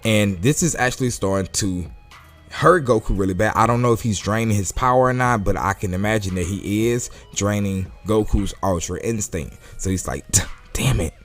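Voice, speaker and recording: A man's voice: fairly low pitch, moderate pace. A man giving a casual, chatty manga review, laughing often as he talks, with faint music in the background. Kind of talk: casual chat.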